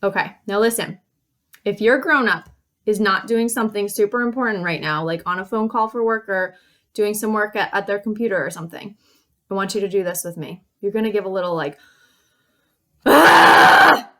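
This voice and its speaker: A woman teacher reading a picture book to young children, acting out each feeling with gasps, sighs and shouts. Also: mid-range voice, fairly quick.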